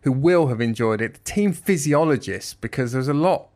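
A man co-hosting a podcast, chatting casually with quick, jokey asides. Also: medium pitch, animated, darkish tone. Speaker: podcast co-host.

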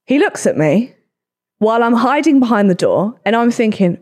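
A young woman, hosting a podcast and telling stories in casual chat, swearing freely. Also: on the high side. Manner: swearing, quick animated storytelling. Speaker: podcast host.

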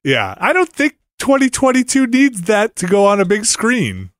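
A man's voice: sits high, huge pitch swings, normal speed, a bit bright, dry recording, studio quality. A man hosting a podcast in casual chat, laughing often and trailing off into mumbles. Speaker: podcast host.

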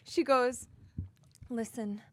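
Young woman co-host, Boston accent, high voice, dry close sound, tells stories dramatically. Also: fairly even intonation, slow, no room sound. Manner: dramatic, acts out scenes. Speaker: podcast co-host. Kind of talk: casual storytelling chat.

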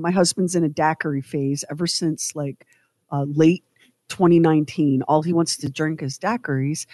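A woman's voice: low-pitched, moderate pace, dry recording. A woman co-hosting a radio show, telling a story in casual chat and acting out quotes and sounds as she goes. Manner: animated storyteller, acts out quotes and sound effects.

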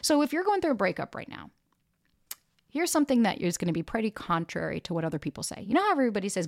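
A woman's voice: medium pitch, fast, vocal fry, no room sound, studio quality. A young woman hosting a podcast, telling a breakup story bluntly, swearing freely and acting out what people said. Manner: blunt, profane, animated, quotes people in raised voices. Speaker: podcast host and dating coach. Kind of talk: candid casual storytelling.

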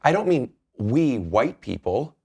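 A man's voice: medium pitch, sing-song, unhurried, gravelly, a little mellow, husky. A man guesting on a comedy podcast, rambling and mock-serious. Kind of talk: comedic banter.

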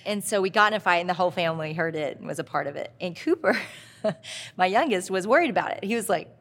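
A woman's voice: on the low side, expressive, fast, a bit bright. A middle-aged woman speaking at a Christian leadership event, telling confessional stories and addressing the crowd directly. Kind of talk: conference talk. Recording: long hall reverb from a live talk.

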